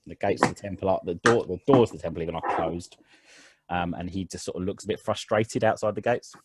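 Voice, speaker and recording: A man's voice: low-pitched, brisk, heavy background noise. A man narrating as game master of a tabletop game online, talking loosely with frequent ums and restarts. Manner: rambling, many fillers and restarts.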